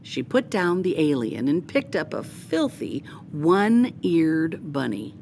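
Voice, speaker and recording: Woman reading a kids book out loud, slow and bouncy, voice goes up and down a lot. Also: low-pitched, vocal fry, slight background noise. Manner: expressive, lively storytelling. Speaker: storyteller. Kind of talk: children's picture-book read-aloud.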